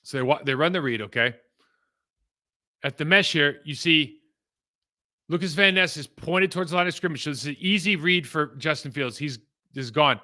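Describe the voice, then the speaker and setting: A middle-aged man talks through football game film in a casual, rambling way, often restarting sentences and drifting into asides. His voice is very bright and forward, sitting slightly above the usual male pitch. The delivery stays animated and conversational. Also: moderate pace, long pauses. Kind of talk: casual film breakdown commentary.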